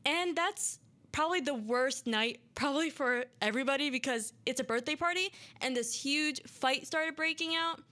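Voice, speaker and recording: A woman's voice: high voice, moderate pace, bright, forceful tone. A woman hosting a radio show, retelling a creepy story in a casual, rambling way full of "like" and restarts, sounding nervous. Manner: nervous, rambling, heavy filler words.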